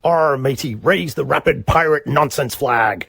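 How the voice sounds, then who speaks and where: A gruff pirate captain bellows his call in a gravelly, husky rasp, as a podcast host puts him on. The voice is dry and close, with no room around it. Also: medium pitch, measured pace, fairly bright tone, dry recording, exaggerated voice. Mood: boisterous. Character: gruff male pirate shouting a flag call.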